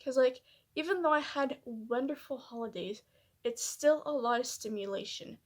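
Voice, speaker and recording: A woman vlogger talking candidly and reflectively to her camera, hesitant and soft-spoken, with many fillers and restarts. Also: sits high, normal speed. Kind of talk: personal reflective vlog.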